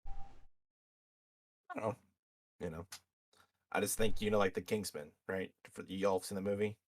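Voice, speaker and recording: A man co-hosting a podcast in casual chat, talking in halting, stammering restarts. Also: low voice, steady tone. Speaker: podcast co-host.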